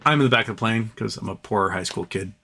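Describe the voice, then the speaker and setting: A man's voice: on the low side, quick pace, bright, forceful tone, slight background noise. A man hosting a live show, telling stories casually in a rambling, profane way and repeating phrases for effect. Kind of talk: casual storytelling.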